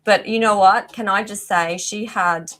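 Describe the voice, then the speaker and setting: A middle-aged woman works as an animal communicator, hosting a live psychic reading where she chats effusively and often breaks off mid-sentence. Her mid-range voice is fairly bright, unhurried, and fairly even in intonation. There's slight background noise, including a rooster crowing outside.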